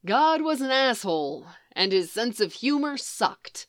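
A woman reading fan fiction aloud in an even storytelling manner. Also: fairly high pitch, a little slow, no echo, studio quality. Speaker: reader.

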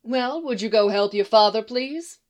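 A woman's voice: on the high side, natural voice. A woman voicing an irritable older farm wife who scolds her grown son bluntly and dryly. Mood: scolding. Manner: brisk, scolding, dry.

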